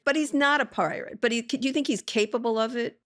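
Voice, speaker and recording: A woman's voice: a little high, fairly quick, a bit bright. A woman hosting a podcast interview, keeping it going with short prompts and direct questions. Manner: brief prompts and pointed questions. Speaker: podcast host.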